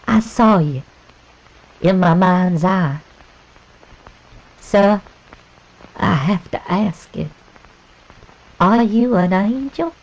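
A woman's voice: mid-range voice, extremely slow, pauses often, darkish tone, poor audio. A woman playing an adoring Southern woman on trial in a film scene, speaking in a swooning, melodramatic way.

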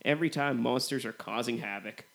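A man co-hosting a movie podcast, comparing films in a relaxed way with lots of "you know". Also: medium pitch, fairly quick, creaky. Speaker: podcast co-host. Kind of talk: casual movie review chat.

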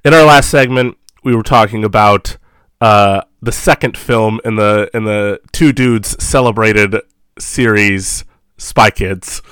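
Young man, podcast co-host, giggly, rambling, bright tone, dry close mic. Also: on the low side, takes it slowly, clean tone, dry recording. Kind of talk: casual movie podcast chat.

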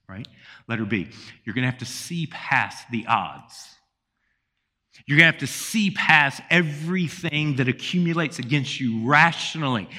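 A man's voice: on the high side, pushed and bright. A male pastor preaching a sermon with emphatic delivery, sometimes acting out the people in his story. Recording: long hall reverb.

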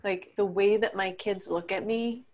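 A woman's voice: medium pitch, steady tone, unhurried, a little mellow. A woman guest on a podcast, a coach speaking earnestly and reflectively in casual chat, laughing easily.

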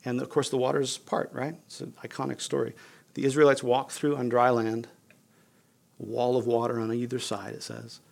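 Male pastor, casual conversational sermon, mid pitch, gravelly. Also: flat delivery, moderate pace. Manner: conversational, casual with fillers like "you guys" and "like".

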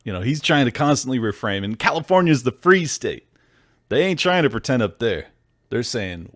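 A man's voice: medium pitch, big pitch swings, normal speed, fairly bright tone, no room sound, studio quality. A man hosting a podcast, giving blunt, incredulous political commentary in a casual, slangy way. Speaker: podcast host.

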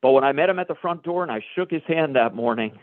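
A pastor telling a personal story in a sermon, a lively storyteller who acts out the dialogue. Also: male voice, a little high, fast talker, no room sound. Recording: dry, phone-like radio broadcast.

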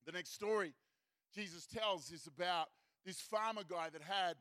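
A young Australian man giving a seminar talk, retelling parables in a lively storytelling style and acting out the characters' lines. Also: high voice, moderate pace, dry recording. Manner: animated, acts out characters' lines. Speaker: seminar speaker. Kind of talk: storytelling sermon.

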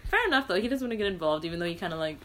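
A woman's voice: on the low side, animated, racing, a bit bright. A woman co-hosting a casual book-club podcast, chatty and casually swearing. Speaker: podcast co-host.

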